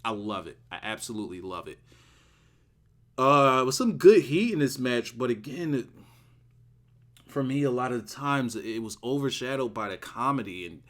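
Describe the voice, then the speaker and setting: A man giving a casual solo video review of a wrestling show, excitable and rambling, repeating words for emphasis. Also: medium pitch, normal speed.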